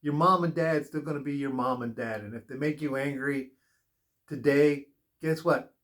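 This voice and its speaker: A man's voice: a little high, moderate pace, fairly bright tone. Earnest rambling man reading tarot. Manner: rambling, earnest, advice-giving storyteller. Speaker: tarot reader. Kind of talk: spiritual tarot reading monologue.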